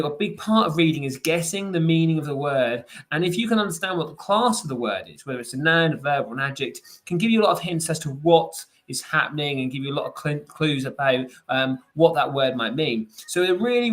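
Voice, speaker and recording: A man's voice: fairly high pitch, fairly bright tone. A man, giving a chatty, upbeat live online lesson for parents, full of fillers and restarts. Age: 40s. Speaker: private tutor.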